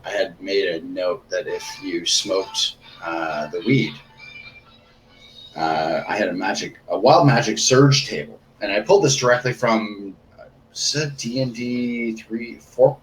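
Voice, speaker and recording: A man who runs tabletop games, chatting casually and excitedly with game designers, often rambling and laughing. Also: lowish voice, reverberant, a little hiss or hum, poor audio. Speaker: game master.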